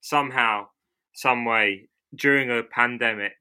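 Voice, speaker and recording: Male podcast host, twenties, very bright tone, chatty and upbeat. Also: medium pitch, a little slow, smooth. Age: 20s. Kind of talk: casual podcast chat.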